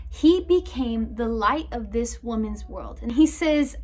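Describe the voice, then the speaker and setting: A woman's voice: a little high, unhurried, hardly any pauses. Chatty young woman giving a youth sermon. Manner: animated, chatty, lots of "like". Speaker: youth leader preaching. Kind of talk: casual youth sermon, storytelling.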